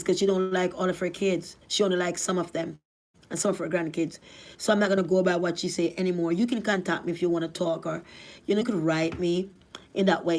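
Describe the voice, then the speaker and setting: A middle-aged woman from Jamaica with a Jamaican accent, telling her life story in a rambling, animated way. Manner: rambling, animated, rising to cries at high points. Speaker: vlogger. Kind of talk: emotional storytelling.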